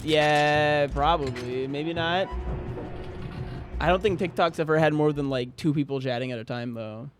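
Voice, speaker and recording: A man streaming a video game, rambling and joking with chat and breaking into loud excited outbursts. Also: fairly high pitch, a little slow, music in the background. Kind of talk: casual live-stream chatter.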